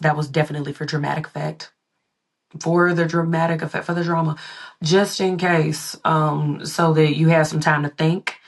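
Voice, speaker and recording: Low-voiced, sing-songy woman podcast host. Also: creaky. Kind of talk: solo motivational podcast talk.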